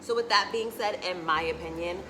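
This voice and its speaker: A woman's voice: on the low side, fairly quick, background noise. A young woman telling a candid storytime in a chatty, casual way, often saying "like" and swearing freely. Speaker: vlogger. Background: background music.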